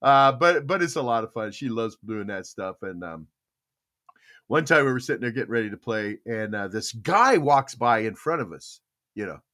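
An older man, a podcast host, telling a casual story in an animated way and acting out the voices of the people in it. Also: medium pitch, moderate pace. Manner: animated, acts out quoted voices.

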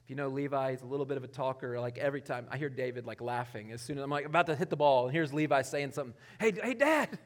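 A man preaching a conversational sermon, casual and chuckling, swinging between loud emphasis and quiet asides. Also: medium pitch, fairly even intonation, very fast, hardly any pauses. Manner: casual, chuckling, self-interrupting with restarts. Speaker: pastor.

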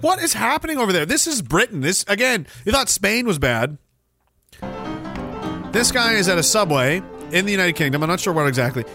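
Sarcastic high-voiced man ranting. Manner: sarcastic, mocking, bursts into shouting. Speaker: stream host. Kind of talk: ranting commentary on a video clip.

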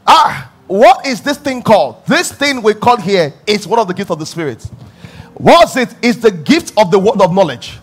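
High-pitched guy preaching, animated, keeps repeating lines for punch, laughs a lot. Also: normal speed. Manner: emphatic, repeating phrases for stress; animated storytelling, often laughing. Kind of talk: sermon.

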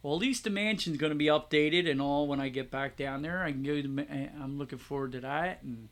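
A man's voice: a little high, brisk, a bit bright. A middle-aged American man co-hosting a podcast, chatty and self-mocking, laughing at himself as he reads out news items. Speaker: podcast co-host. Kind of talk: casual podcast chat.

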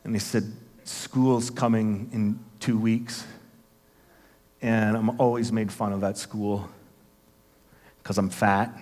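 A man's voice: lowish voice, little pitch movement, takes it slowly, long pauses, a little mellow. A man in his fifties, a pastor preaching a sermon in a church, telling a personal story and acting out the voices in it with earnest conviction. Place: church sanctuary. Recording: long hall reverb.

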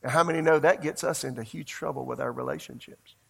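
A man's voice: medium pitch, fairly even intonation, fast talker, creaky, fairly bright tone, slightly rough. A man preaching a sermon, telling a story in a fervent, conversational way and speaking straight to the congregation. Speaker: pastor.

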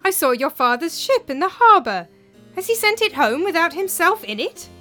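A woman voicing a loud, excited young male friend calling across a room. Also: extremely high pitch, moderate pace, faint music behind, pitched above the performer's own voice, heavily acted. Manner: shouting.

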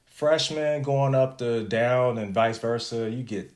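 A man's voice: mid-range voice, slow, darkish tone. A man telling a story in a casual chat, laid-back and slangy, with plenty of cursing.

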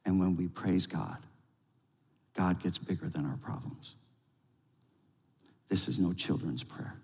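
A male pastor delivering a sermon, telling a lively story and then leading a quiet prayer. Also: deep voice, slow pace, creaky. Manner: storytelling with rising excitement, then hushed prayer. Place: church sanctuary. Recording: long reverb of a large hall.

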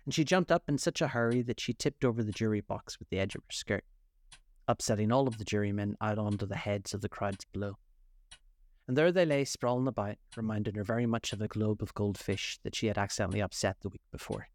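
A man narrating a children's classic aloud in a measured, expressive read-aloud style. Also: lowish voice. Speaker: storyteller. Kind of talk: scripted narration.

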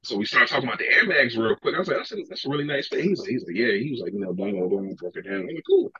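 A man, a podcast guest, telling animated stories in casual talk, acting out other people's lines and swearing freely. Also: mid-range voice, very fast, breathy edge, no echo, lo-fi sound. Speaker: podcast guest, sneaker collector. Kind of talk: casual storytelling.

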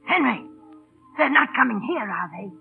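A woman's voice: high voice, very animated, normal speed, vocal fry, narrow, tinny audio, exaggerated voice. An anxious aging mother, fretful and pleading. Her voice comes through a scratchy 1930s radio broadcast with faint music underneath. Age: older. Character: anxious aging mother, poor woman posing as a lady.

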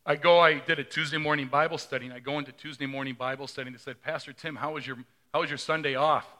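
Bright-voiced conversational male pastor. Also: fairly high pitch, fairly even intonation, fast talker. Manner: conversational, asks the congregation questions. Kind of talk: sermon.

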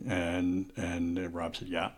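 Low-voiced man hosting sports talk. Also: monotone, takes it slowly. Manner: friendly questioning, drops low and quiet when telling a story. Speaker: sports talk show host. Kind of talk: casual sports talk interview. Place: radio studio.

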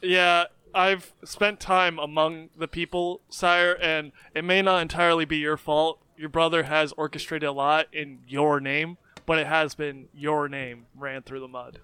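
A man's voice: fairly high pitch, level tone, measured pace, hardly any pauses, pushed and bright, clear, resonant tone, no room sound. A man playing a tabletop game, talking earnestly and addressing the king with deference. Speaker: player. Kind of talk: casual tabletop play.

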